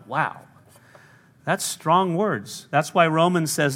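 Preaching pastor, echoing hall. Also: male voice, a little high, animated, takes it slowly, pauses often, a bit bright. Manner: storytelling preacher, acts out quoted voices, laughs now and then. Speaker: lead pastor. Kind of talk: sermon. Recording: long hall reverb.

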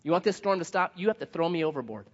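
Man preaching in a church hall, animated storytelling, high voice, big echo, kinda dull sound. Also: quick pace. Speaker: pastor. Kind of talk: sermon.

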